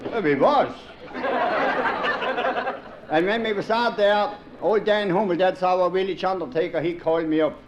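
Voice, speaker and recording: Folksy Pennsylvania Dutch comedian, slightly high voice. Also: male voice, normal speed, pauses often, dull audio, crowd noise, noisy background. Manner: folksy dialect grammar, chuckles at own jokes. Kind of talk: folksy stand-up monologue.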